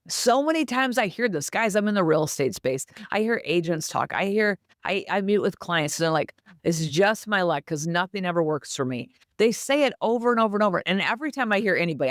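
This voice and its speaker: A woman's voice: mid-range voice, no room sound. Woman, podcast host, motivational faith talk, emphatic, dry close sound. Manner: emphatic, preachy, acts out quoted phrases.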